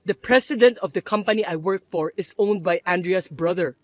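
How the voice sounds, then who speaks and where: A woman voicing a calm, level-headed grown son who speaks patiently and quietly. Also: fairly quick, no room sound, natural voice. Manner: calm, patient, lower and softer.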